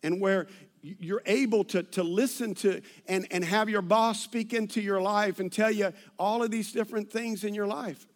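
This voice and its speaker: Pastor guy preaching, really high voice, tells stories all animated, keeps restarting himself. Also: normal speed. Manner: animated storytelling, many restarts and asides. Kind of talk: sermon with personal stories.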